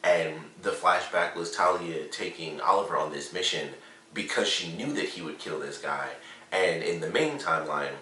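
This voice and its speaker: A low-pitched man talks through a TV episode review in a loose, rambling way, leaning on "like" and "you know". His voice has a bright, forceful edge. He sits back from the mic in an echoey room. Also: moderate pace, recorded from a distance, slight background noise. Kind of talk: casual spoken review.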